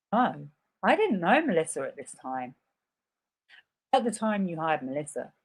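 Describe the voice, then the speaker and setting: A woman live-streaming a reading of a legal deposition, voicing the questions and answers herself and breaking in with sarcastic asides. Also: medium pitch. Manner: reads several parts in turn, interjects sarcastic asides. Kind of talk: live dramatic reading with commentary.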